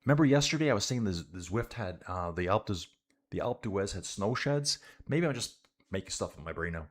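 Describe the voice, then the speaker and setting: A man from Canada doing casual live race commentary and reading out viewer chat, relaxed and saying "dude" often. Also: lowish voice, a little fast. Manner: laid-back, says "dude" a lot, chats with viewers. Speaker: cycling livestream commentator.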